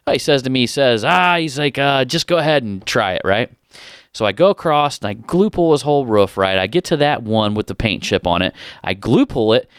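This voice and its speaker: A man spins a long story in easy podcast chat, slipping into other people's voices as he goes. His voice is smooth and resonant, and the sound is dry and close to the mic. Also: mid-range voice, dry recording. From Ohio, USA. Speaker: podcast host. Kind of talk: casual storytelling.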